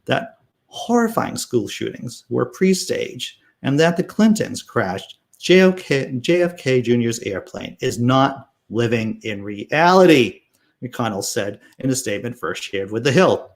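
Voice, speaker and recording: A man's voice: medium pitch, a little slow. Sarcastic man reading political news. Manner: sarcastic, animated, laughs while reading. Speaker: political commentary host. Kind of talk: casual political commentary reading news and chat comments.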